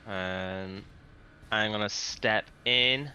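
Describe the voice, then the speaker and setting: A man's voice: on the low side, very slow, sharp tone, smooth, faint music behind. A man playing a tabletop game, reading rules aloud and checking his moves as he goes. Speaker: player. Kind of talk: casual tabletop game play.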